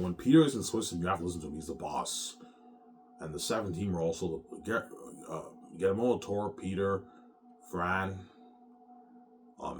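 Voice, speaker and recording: A man's voice: very deep voice, far from the mic. A man rambling casually to his viewers, repeating himself and tossing in "man" and "yeah". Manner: repetitive, keeps saying "man" and "yeah".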